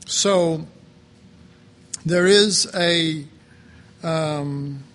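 Man, sermon, unhurried, reflective, many pauses, slightly high pitch. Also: fairly bright tone. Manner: slow, halting, reflective, with many pauses and fillers. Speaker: preacher.

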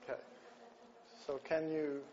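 Slow folksy preacher man. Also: a little high, flat delivery, darkish tone. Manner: folksy, unhurried, frequent throat clearing. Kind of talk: sermon with an opening joke. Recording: dull lo-fi sound with faint background noise.

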